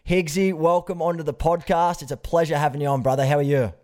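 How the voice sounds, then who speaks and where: A man's voice: fairly high pitch, fairly even intonation, fast talker, a little mellow. An Australian man hosting a podcast interview, friendly and matey, calling his guest "mate" often. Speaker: podcast host.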